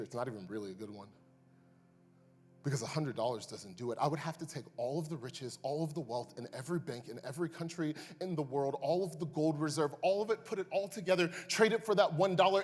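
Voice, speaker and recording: A man preaching a sermon as pastor, moving between hushed asides and loud, impassioned climaxes. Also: fairly high pitch. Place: church sanctuary. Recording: long reverb, faint music behind.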